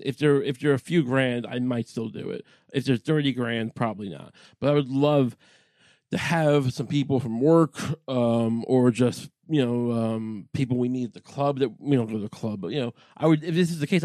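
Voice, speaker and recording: A man talking casually into a dry, close mic, his pitch sitting mid-range for a man. He rambles and swears freely. He works himself up into exasperated rants as he goes. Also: normal speed, dark tone, dry recording. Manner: profane, rambling, gets worked up into ranting.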